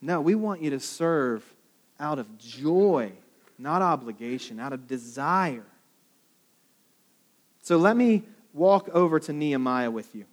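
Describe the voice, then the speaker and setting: A man's voice: a little high, animated, takes it slowly, long pauses. A man preaching a sermon, telling stories in a casual, conversational way and acting out quoted lines. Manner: storytelling, conversational, with dramatic quoted asides. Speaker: pastor.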